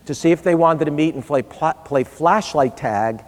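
A man's voice: on the high side, moderate pace. A middle-aged man giving a speech, telling a humorous family story in a conversational way and voicing the people he quotes. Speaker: public speaker. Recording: long reverb of a large hall.

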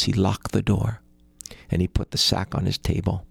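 A man telling a folktale in an animated, rhythmic way. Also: lowish voice, normal speed, vocal fry, husky, no room sound. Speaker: storyteller. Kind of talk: folktale storytelling.

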